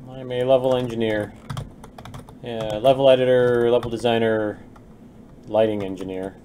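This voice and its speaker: A man's voice: mid-range voice, steady tone, moderate pace, warm tone, slight background noise. A young adult man streaming game development, chatting casually with viewers and muttering as he works, with faint keyboard typing. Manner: chatty, reads chat aloud and mutters while working. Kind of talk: casual live-stream chat while working.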